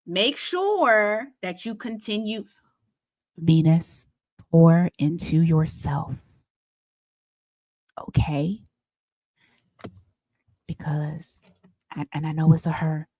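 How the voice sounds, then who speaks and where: A woman's voice: sits low, expressive, darkish tone. Blunt, laughing tarot reader woman. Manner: blunt, swears freely, laughs often, slows to stress advice. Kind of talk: casual tarot reading to camera.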